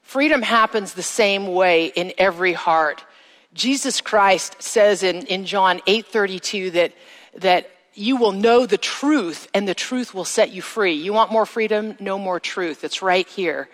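A middle-aged woman sharing a personal testimony with an audience, speaking slowly and emphatically and drawing out her phrases. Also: medium pitch, fairly bright tone. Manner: slow, emphatic storytelling with drawn-out phrases. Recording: long reverb of a large hall.

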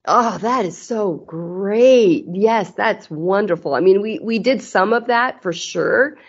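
This middle-aged woman is a guest on a podcast, speaking candidly in a casual interview. Her voice is medium-pitched, slow, and slightly rough, and she's earnest, often restarting her sentences. The audio is slightly muffled.

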